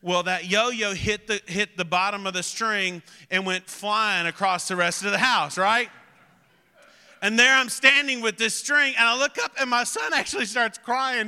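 A man with a high, very bright voice preaches a sermon to his congregation. He moves from chatty storytelling to loud, emphatic exhortation, and his words ring out with a long reverb through a large church hall. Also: moderate pace, clean tone. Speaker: pastor.

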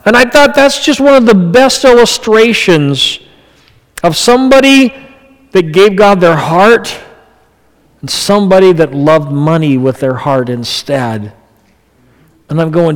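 Male pastor, conversational sermon, fairly high voice, long hall reverb, swings from soft asides to emphatic peaks. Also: lively intonation, measured pace.

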